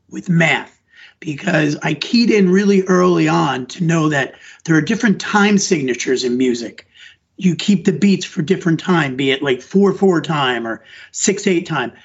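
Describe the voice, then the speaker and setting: A middle-aged elementary school teacher with a slightly high, husky voice answers questions in a conversational podcast interview. He's earnest and rambling, often restarting his sentences, and the lo-fi recording sounds dull.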